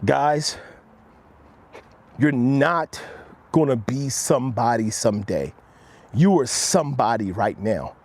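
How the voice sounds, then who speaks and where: A man's voice: expressive, takes it slowly, pauses often, slightly rough. A man hosting a motivational walk-and-talk live stream outdoors, coaching viewers earnestly and speaking straight to them. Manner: drops low and quiet when quoting himself.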